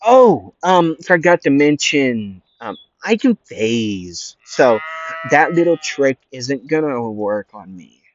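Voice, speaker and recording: A man's voice: medium pitch, sing-song, slow pace, voice pushed up. A man voicing a scheming masked male villain in a loose cowboy-style drawl, taunting his opponent, on a dull lo-fi home mic. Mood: smug. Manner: drawling put-on cowboy-ish twang.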